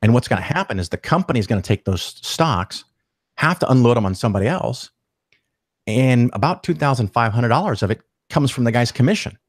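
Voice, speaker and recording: Brief: man, podcast guest, lively profane storyteller, dry close sound. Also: mid-range voice, fairly quick, breathy edge, no echo. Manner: animated, profane, acts out quoted voices. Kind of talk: casual storytelling interview.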